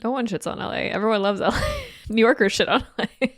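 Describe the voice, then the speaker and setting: A woman's voice: on the high side, wildly swooping pitch, fast, no room sound, clean studio sound. A woman hosting a podcast, chatting casually in a playful, teasing way and laughing often. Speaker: podcast host. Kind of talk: casual chat.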